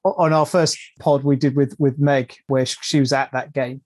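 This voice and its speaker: A man hosting a podcast, asking questions in a casual, halting way and repeating words as he starts sentences. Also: mid-range voice, level tone, darkish tone, dry recording. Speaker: podcast host. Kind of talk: casual interview chat.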